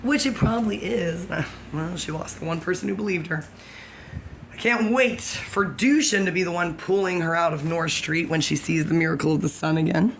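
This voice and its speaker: A woman's voice: lowish voice, normal speed, a little hiss or hum. A woman talking to the camera in a scattered, joking monologue that keeps correcting itself. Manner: scattered, self-correcting, jokey asides. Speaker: vlogger.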